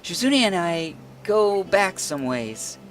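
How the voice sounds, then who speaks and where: A man voicing a refined, soft-spoken schoolgirl. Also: high-pitched, big pitch swings, slow, a little hiss or hum, voice pushed up, full character voice. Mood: gentle. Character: polite well-bred young female student.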